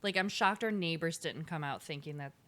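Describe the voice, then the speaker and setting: A woman with a somewhat low voice co-hosts a casual podcast chat in a home basement studio. She talks in a chatty way and acts out what people said as she tells her stories. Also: fairly quick, fairly bright tone. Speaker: podcast co-host.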